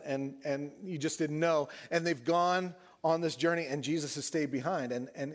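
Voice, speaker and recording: A man preaching a sermon, telling the story with animated swings and dropping his voice soft for emphasis. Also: on the high side. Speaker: pastor.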